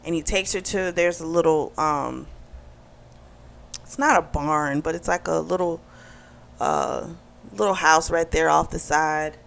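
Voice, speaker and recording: A woman giving a casual book review, retelling the plot in an animated way and acting out the dialogue. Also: low-pitched, a little slow, vocal fry, long pauses.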